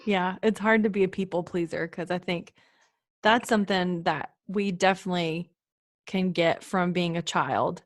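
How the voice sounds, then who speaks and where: A woman's voice: fairly low pitch, normal speed, dry recording, studio quality. A young woman hosting a faith podcast, chatting casually with her mother and laughing easily. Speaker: podcast host. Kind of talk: casual interview.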